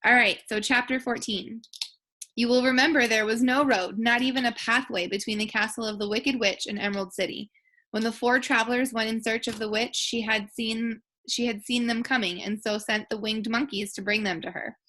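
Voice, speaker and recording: Bright-voiced teacher reading aloud. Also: female voice, on the high side, steady tone, moderate pace. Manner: gentle, self-deprecating, occasional restarts. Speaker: elementary school teacher. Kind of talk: reading a children's book aloud.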